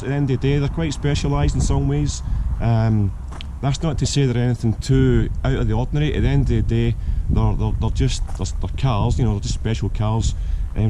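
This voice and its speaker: A man with a croaky voice from a cold, hosting and giving casual buying advice with lots of ums and restarts. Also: mid-range voice, noisy background. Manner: hesitant, many ums and restarts. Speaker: car channel host.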